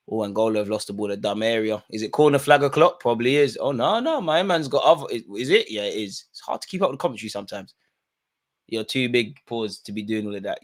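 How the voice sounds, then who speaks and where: Excitable football streamer. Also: male voice, mid-range voice. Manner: excitable, slangy, swings from mutters to shouts. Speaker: watch-along streamer. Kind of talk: live football watch-along commentary.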